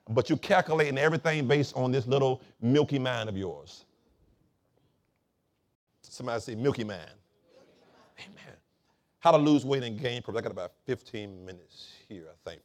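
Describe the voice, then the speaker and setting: A male pastor from Florida, medium in pitch, preaches a sermon. He calls on the congregation to answer and swells loud on key points.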